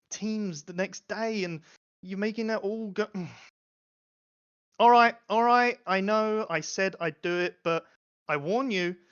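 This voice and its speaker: A man's voice: sits high, fairly bright tone, muffled recording, voice pushed up. A man voicing a snooty grand lady who hosts an arena, fond and theatrical, calling people darling and dear.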